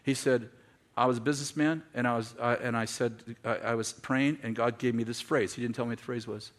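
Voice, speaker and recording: A man preaching a sermon to a congregation, telling stories with quoted dialogue and building to shouted, repeated lines. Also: medium pitch, fairly even intonation, brisk. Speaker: pastor. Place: church in front of a congregation.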